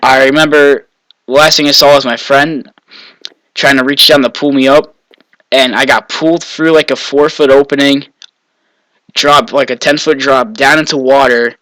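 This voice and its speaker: A young man from Maine spins a casual story, wandering and correcting himself as he goes. His voice is bright and forward, recorded dry and close with no room around it. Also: mid-range voice, steady tone, normal speed, no echo, poor audio. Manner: rambling, self-correcting, chuckling asides. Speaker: vlogger.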